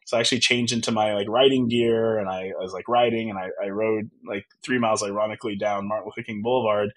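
A man's voice: lowish voice, fairly even intonation, fast. A man in his thirties, a podcast guest, telling a personal story in an earnest, reflective way with many fillers and restarts. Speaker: podcast guest, tech founder.

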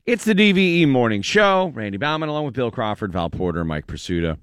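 A man hosting a radio morning show, chatting casually in a relaxed way with many fillers. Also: mid-range voice, fast talker, clean tone, dry recording, studio quality. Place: radio studio.

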